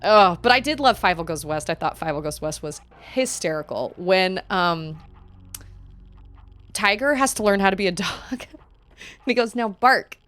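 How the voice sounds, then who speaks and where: A woman's voice: on the low side, expressive, moderate pace, a bit bright. A woman streaming a game, chatting casually and animatedly, laughing often and gasping at surprises. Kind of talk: casual gameplay chat.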